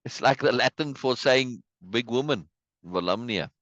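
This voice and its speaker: A man's voice: mid-range voice, lively intonation, normal speed, fairly bright tone, no echo, highs cut off. A man hosting a casual play reading, chatty and musing, with frequent asides and laughs, on a video call. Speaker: host reading a play aloud.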